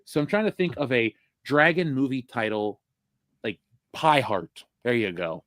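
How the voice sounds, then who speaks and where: Animated man riffing on bad puns. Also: mid-range voice, unhurried, dry recording, clean studio sound. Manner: jokey, riffs on bad puns. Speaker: podcast co-host. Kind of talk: casual chat.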